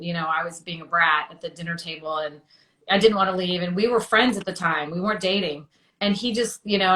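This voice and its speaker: A woman's voice: medium pitch, bright, forceful tone. Woman telling her story, lots of you-know, echoey room. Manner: chatty, many fillers, acts out quotes. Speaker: interview guest. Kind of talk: emotional personal storytelling.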